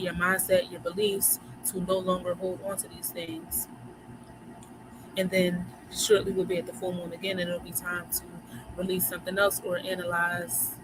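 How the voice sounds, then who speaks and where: A woman from Philadelphia with a Philly accent, hosting a livestream in a chatty, slangy way, talking straight to her viewers about moon phases. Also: fairly low pitch. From Philadelphia, USA. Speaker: livestream host. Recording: clear background noise.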